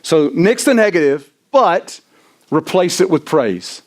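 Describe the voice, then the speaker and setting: A middle-aged man preaching a sermon in a church, animated and self-deprecating, often tossing in "right?" to the congregation. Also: fairly high pitch, unhurried. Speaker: pastor. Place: church sanctuary.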